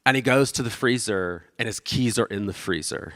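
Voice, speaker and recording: A man's voice: on the low side, normal speed, a bit bright, big-room sound. A man giving a casual, conversational sermon as pastor, self-deprecating and acting out the voices of the people he quotes.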